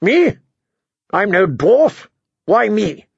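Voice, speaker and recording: A man's voice: high voice, sing-song, slow, creaky, dry recording, dull audio, voice pushed up, exaggerated voice. A man voicing a cruel, drunken teenage king who mocks gleefully and shrilly. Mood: indignant.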